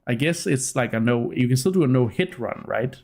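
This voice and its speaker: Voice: medium pitch, animated, brisk, gravelly, darkish tone, faint music behind. Laid-back, giggly game streamer. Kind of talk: casual let's-play commentary.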